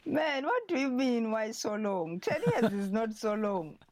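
A woman's voice: fairly high pitch, lively intonation, a little slow, a little mellow, dry recording. A woman author answering questions thoughtfully, often restarting her sentences.

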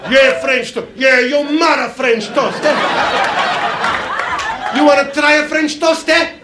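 A man putting on a furious short-order cook who screams orders and threats in a thick foreign accent. The voice jumps far above normal into barked shouts, over a loud laughing crowd in a club with a noisy background. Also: very high voice, takes it slowly, voice pushed up. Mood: yelling. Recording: comedy club with loud audience.

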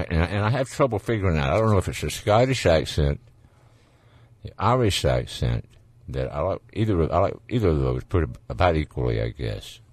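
A man's voice: low voice, no room sound. A man with a Southern US accent hosting a call-in radio show, talking in a folksy, rambling, jokey way. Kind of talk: casual radio talk.

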